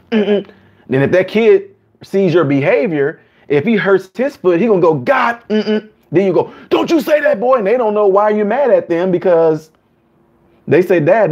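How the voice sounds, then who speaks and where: A man with a fairly high voice runs a casual live chat, answering viewers animatedly and laughing often. He acts out what others say in even higher voices, and the audio is dull and lo-fi.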